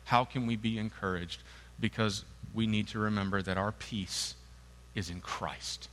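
A man's voice: on the low side, fairly even intonation, measured pace, fairly bright tone, slight background noise. A man preaching a sermon in an earnest, emphatic and conversational way. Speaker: pastor. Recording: long hall reverb.

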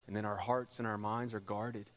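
A man preaching a sermon as pastor, rising into loud, impassioned passages. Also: little pitch movement, normal speed. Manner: builds to loud, high-pitched pleading passages. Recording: long hall reverb.

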